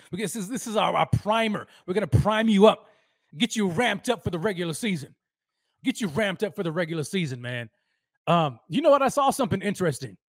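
A young man hosting a live sports talk stream, excitable and slangy, repeating himself and piling on phrases. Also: sits high, no room sound, clean studio sound. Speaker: sports podcast host.

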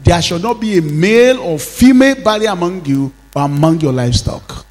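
A man's voice: sits high, expressive, fairly quick, darkish tone, in a large hall, soft background music. A man pastor preaching a sermon, leading fervent prayers and having the congregation repeat declarations after him.

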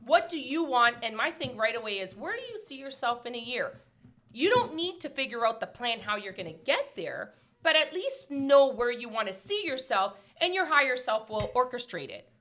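A woman's voice: a little high, moderate pace. A woman in her thirties chatting casually, telling stories emphatically with lots of "like". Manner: emphatic, animated storytelling, frequent "like". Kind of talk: casual chat.

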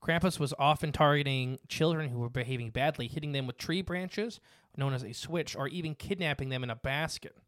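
Male podcast host, relaxed chatty delivery, reads from notes, dry close sound. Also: on the high side, brisk, dry recording. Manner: reads notes aloud with fillers and asides. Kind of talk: casual podcast chat.

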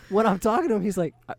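A man chatting on a podcast, his pitch bouncing widely as he tells a story and breaks into big laughs. He swears freely and talks loosely. Faint noise sits under the recording. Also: gravelly. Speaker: podcast co-host. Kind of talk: casual podcast chat.

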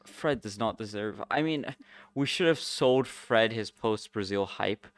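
A man co-hosting a podcast, talkative and quick to laugh, building long arguments about football. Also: lowish voice, dry recording. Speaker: podcast co-host. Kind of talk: casual football chat.

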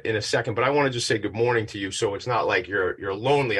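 A man's voice: fairly low pitch, racing, hardly any pauses, breathy edge. A man hosting his own show from a home attic studio, chatty and self-deprecating, a bit out of breath. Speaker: podcast host. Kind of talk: casual upbeat show intro.

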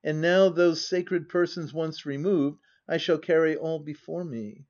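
A man playing a smooth, insinuating young gentleman who speaks quietly and measured, on a dull lo-fi audiobook recording. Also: a little high. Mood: confident. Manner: quiet and measured, sometimes murmured.

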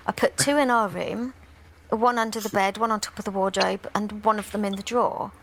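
A woman's voice: medium pitch, fairly even intonation, a little fast, a bit bright, slight background noise, rough recording. A British woman earnestly recounting a story on a TV programme, rambling a little. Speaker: interviewee on TV show.

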